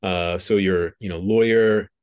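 Guy hosting a podcast chat, lowish voice, laughs a lot, loose and chatty. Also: steady tone, measured pace, darkish tone, clear, resonant tone. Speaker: podcast host. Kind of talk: casual interview conversation.

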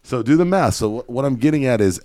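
A podcast host with a mid-range voice talks fast, telling casual stories in an animated way, swearing and acting out quoted dialogue. The studio-quality audio has no echo.

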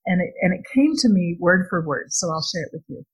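A middle-aged woman giving a heartfelt devotional talk, speaking earnestly and gently as she shares a personal experience. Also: fairly low pitch, expressive, brisk, breathy edge, rough recording. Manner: earnest and gentle, with small laughs and restarts. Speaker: speaker sharing a faith-based parenting talk.

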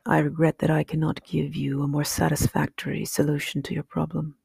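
A woman reading aloud, voicing a wise, stern old male owl who speaks slowly and formally. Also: low voice, completely flat delivery, creaky, a little mellow, breathy edge, no room sound, studio quality, exaggerated voice. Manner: slow, grave and formal.

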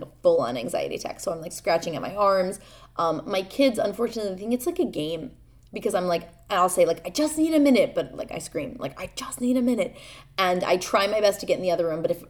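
A young woman hosting a podcast, talking candidly and haltingly about her own struggles, earnest and vulnerable, with many fillers and restarts. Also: fairly low pitch. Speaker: podcast host. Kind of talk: personal confessional talk.

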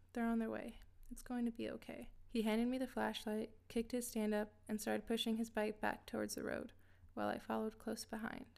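A woman reading a scripted first-person story in a steady, even way. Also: on the high side, creaky. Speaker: narrator.

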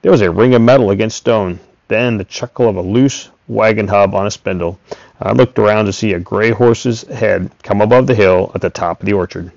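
A man reading a first-person story aloud in a steady, plain way. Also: fairly low pitch, a little fast, gravelly, dry recording. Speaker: audiobook reader. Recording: dull, dry recording.

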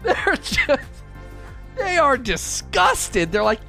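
A man's voice: fairly high pitch, animated, unhurried, fairly bright tone, faint music behind. A man in casual gaming chat as a YouTuber host, laughing often and repeating phrases.

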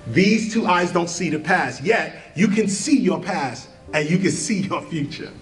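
A man hosting a podcast, leading listeners through a spiritual exercise in an earnest, animated way and laughing at his own asides. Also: high voice, a little slow, roomy sound, recorded from a distance, rough recording. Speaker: podcast host. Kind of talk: spiritual talk with guided exercise.

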